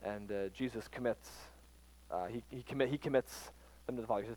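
A man teaching from the Bible in an informal sermon, pausing often with fillers and restarting his sentences. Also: mid-range voice, darkish tone, low-quality recording. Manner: halting, frequent fillers and restarts. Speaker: preacher.

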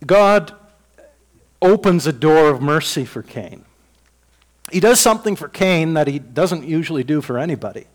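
Male preacher, fairly high voice, folksy and conversational, acts out dialogue, loud bursts and soft asides. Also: lively intonation, moderate pace, long pauses. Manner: swings between loud bursts and dropped-voice remarks. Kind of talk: sermon.

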